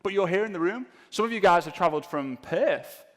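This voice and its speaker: Male seminar speaker, jokey and self-mocking, animated delivery, reverberant venue. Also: high voice, a little fast. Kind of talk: comedic live seminar talk. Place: event room with a live audience.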